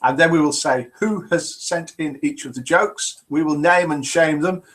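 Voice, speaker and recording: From a room at home, an older Englishman with a Midlands accent hosts a live call-in show, cheerful and chatty, reading viewer messages aloud. His voice is a little high and fairly bright, at a normal speed.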